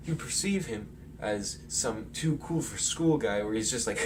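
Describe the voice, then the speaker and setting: A man's voice: on the low side, lively intonation, unhurried. A man chatting casually through a movie analysis, rambling with lots of fillers and chuckles. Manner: rambling, filler-heavy, chuckles while talking. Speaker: film commentary vlogger. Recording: distant mic with faint noise.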